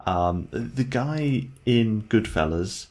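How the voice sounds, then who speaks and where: Deep voiced guy chatting about a game, kinda rambly and amused. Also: lively intonation, slow pace, darkish tone. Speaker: podcast co-host. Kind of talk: casual game review chat.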